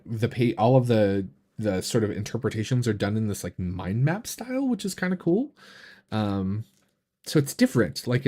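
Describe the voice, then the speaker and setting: Rambling man chatting on a live stream. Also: lowish voice. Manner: relaxed, rambling, full of fillers and restarts; enthusiastic about what he shows. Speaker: tarot reader and channel host. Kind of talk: casual live-stream chat.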